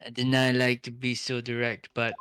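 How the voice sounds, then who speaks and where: A man's voice: mid-range voice, monotone, moderate pace, a bit bright, slight background noise, natural voice. A man voicing a hostile, middle-aged male prison governor in a mafia-style drawl while reading a video game aloud. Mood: menacing. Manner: gruff mobster drawl, dismissive.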